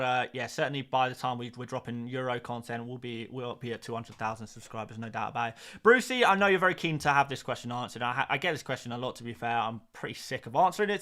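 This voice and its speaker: A man's voice: medium pitch, fairly bright tone. A man hosting a fantasy football live stream, answering viewer questions in a casual, chatty way with frequent fillers, restarts and repeated phrases.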